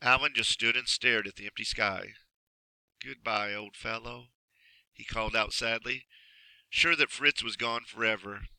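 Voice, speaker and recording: A man narrating a children's storybook in an expressive, measured way. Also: medium pitch, clear, resonant tone, no room sound, rough recording. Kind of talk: storybook reading.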